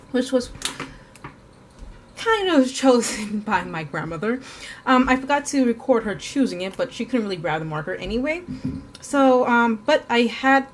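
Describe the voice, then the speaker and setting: There's a little hiss or hum behind this woman's voice, which sits on the high side. She's an art vlogger talking casually and rambling, with plenty of fillers and self-corrections, and now and then she speaks while eating.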